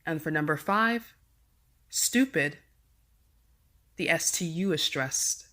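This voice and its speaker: A woman hosting a podcast and teaching English pronunciation, speaking in a deliberate, carefully enunciated way. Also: low voice, bright, forceful tone. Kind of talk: slow, clearly articulated pronunciation lesson.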